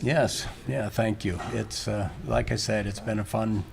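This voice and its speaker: Older man, low voice, flat delivery, halting, faint background noise. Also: creaky. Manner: rambling, halting, restarts often. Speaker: painter and gallery owner. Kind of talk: casual interview chat. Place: art gallery during a live event.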